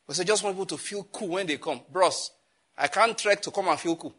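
Husky, animated preaching man. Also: brisk. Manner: animated, scolding, jokey preaching with sudden pitch jumps. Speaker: pastor. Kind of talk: sermon.

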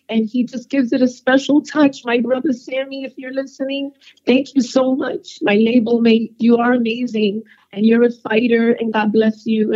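A woman's voice: a little high, dark tone, highs cut off. A woman singer calling in by phone, emotional and tearful as she thanks the people around her. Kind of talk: phone call-in interview.

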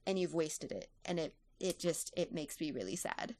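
A woman's voice: deep voice, expressive, moderate pace, warm tone. A woman giving her earnest, opinionated take in a casual movie review chat.

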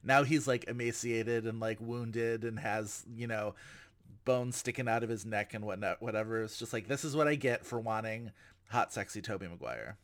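A man's voice: on the low side, moderate pace, a little hiss or hum. A man hosting a podcast in casual chat, with a wry, joking delivery. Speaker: podcast host.

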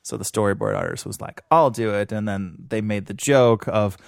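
A man's voice: fairly low pitch, fairly even intonation, normal speed, creaky, darkish tone, no echo, clean studio sound. A man co-hosting a film podcast, telling a story in casual chat and laughing often. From Minnesota. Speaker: podcast co-host.

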